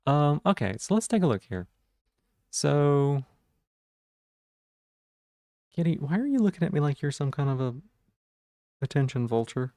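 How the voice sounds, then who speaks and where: A man's voice: fairly high pitch, big pitch swings, normal speed, warm tone, no echo, studio quality. A man streaming live, chatting casually and playfully while he repeats silly puns and rambles.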